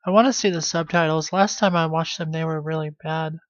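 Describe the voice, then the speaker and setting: A man's voice: on the high side, fairly even intonation, a little fast, dry recording, lo-fi sound. A man hosting his own live stream in a casual, rambling way, trailing off into half-finished sentences. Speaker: livestreamer.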